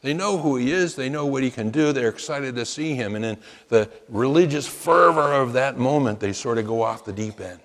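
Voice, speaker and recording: A man's voice: mid-range voice, normal speed, few pauses, in a large hall. A man preaching a sermon as pastor, rising into emphatic chanted quotes.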